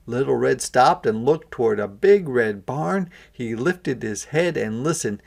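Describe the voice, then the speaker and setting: Kindergarten read-aloud voice: expressive, unhurried, with gravelly edges and asides to the kids. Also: mid-range voice. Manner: expressive reading with asides to young listeners. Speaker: kindergarten teacher. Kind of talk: interactive picture-book read-aloud.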